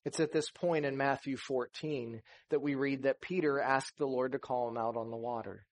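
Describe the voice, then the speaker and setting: A man's voice: medium pitch, fairly even intonation, moderate pace, hardly any pauses. A man preaching a sermon, earnest, rising to emphasis and acting out scripture dialogue. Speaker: pastor.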